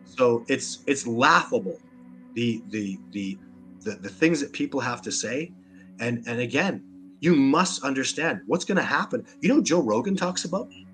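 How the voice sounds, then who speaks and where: Soft background music plays as a Canadian man, a Sasquatch researcher being interviewed, talks in an emphatic, combative way and repeats words as he gets worked up. His mid-range voice has lively intonation, normal speed and a slightly bright tone.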